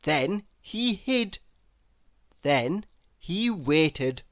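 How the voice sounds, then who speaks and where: A woman reading a children's storybook aloud in an expressive manner, now and then asking the listener questions. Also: sits low, very slow, no room sound, highs cut off. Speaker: storybook reader.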